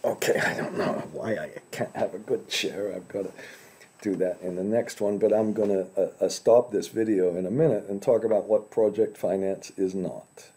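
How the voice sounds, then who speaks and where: A man giving an informal finance lecture, halting and often repeating words as he restarts his sentences. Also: fairly low pitch, fairly even intonation, dark tone, slightly rough.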